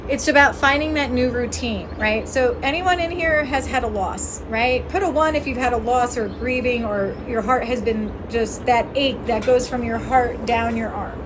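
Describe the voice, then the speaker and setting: A woman speaking in a slightly high voice, earnest and motivational, on a casual livestream. She talks outdoors into a phone and thanks viewers by name as she goes. A faint outdoor hum sits behind her. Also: moderate pace, hardly any pauses. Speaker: spirit medium on a livestream.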